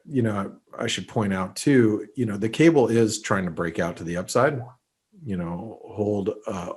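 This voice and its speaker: A man's voice: low voice, slightly rough. A man hosting an unscripted market webinar, talking loosely with many fillers and restarts, somewhat congested from allergies. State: allergies, sneezy. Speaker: market analyst host.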